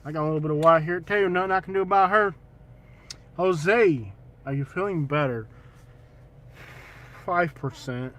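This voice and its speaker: A man hosting a casual travel livestream, joking and teasing, with loud excited bursts. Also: fairly high pitch, moderate pace, pauses often. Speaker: vlog host.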